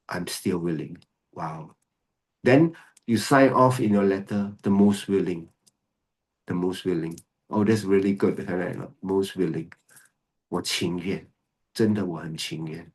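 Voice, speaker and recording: A man's voice: low-pitched, a little mellow, breathy edge. A man giving an earnest, emphatic Buddhist dharma talk, often repeating key words. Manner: earnest, repetitive, emphatic, switches to Mandarin. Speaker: Buddhist teacher. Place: video call recording.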